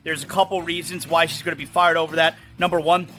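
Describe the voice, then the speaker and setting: A man hosting a solo sports talk show, rambling fast and opinionated about games and news. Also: a little high, fairly even intonation, pushed and bright, faint music behind.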